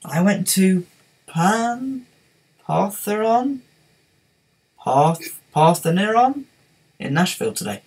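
A man's voice: high voice, big pitch swings, slow pace, long pauses, a little mellow, slightly rough, rough recording. A man hosting a casual gaming livestream, rambling, giggling and reading out the chat. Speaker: livestream host.

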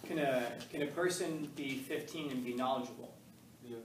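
A middle-aged male high school teacher leading a class discussion and telling a story, animated, laughing, and acting out voices. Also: normal speed, noisy background. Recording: echoey classroom from far off, faint ambience.

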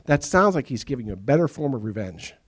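A middle-aged pastor delivers a sermon to his congregation. His mid-pitched voice rises and falls widely. He slips into the voices of the people in his stories. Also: quick pace, breathy edge. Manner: animated storytelling, acts out quoted voices. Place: church sanctuary.

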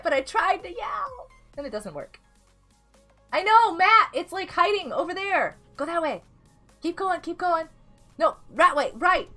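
A woman's voice: sits high, pushed and bright. A woman live-streaming a game, chatting casually, giggling and greeting viewers by name. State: unwell.

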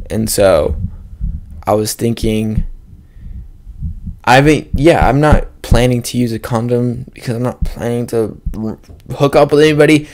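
A young man hosts a solo podcast, ranting casually into a podcast microphone. His fairly low, slightly mellow voice rambles and jokes, with plenty of profanity.

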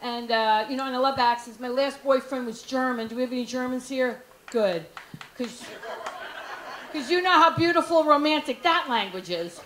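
A woman's voice: sits high, normal speed, fairly bright tone. A woman doing a stand-up comedy set, brash and frank, teasing the crowd. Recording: echoey club room, faint noise.

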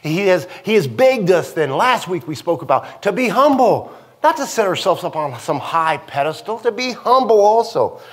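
A male pastor delivers a sermon in a church with an animated, conversational style, often checking in with the congregation. His voice sits high and swings widely in pitch as he preaches. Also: moderate pace, hardly any pauses, husky.

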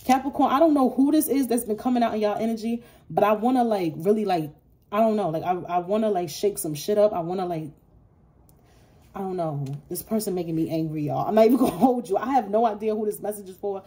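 A woman's voice: medium pitch, fast, mellow. Fired-up, swearing woman tarot reader. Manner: blunt, profane and fired up; slangy, with frequent laughs. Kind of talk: casual tarot reading to camera.

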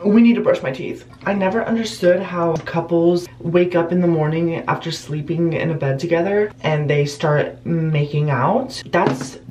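A man's voice: on the high side, normal speed, hardly any pauses, darkish tone, a little hiss or hum. A young man filming a casual vlog at home in his bedroom and bathroom, talking in a sarcastic, self-mocking and dramatic way. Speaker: vlogger.

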